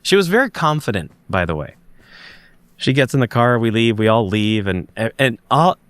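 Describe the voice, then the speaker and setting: A man's voice: mid-range voice, big pitch swings, normal speed, a bit bright, clear, resonant tone, no echo. A man, a podcast guest and investigator, recounting a strange sighting in an emphatic way, often restarting and searching for words.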